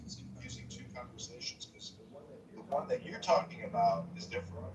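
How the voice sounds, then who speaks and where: A man's voice: medium pitch, expressive, fairly quick, very noisy. A man in casual group chat, trading crude, teasing banter. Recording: roomy, distant mic with crowd.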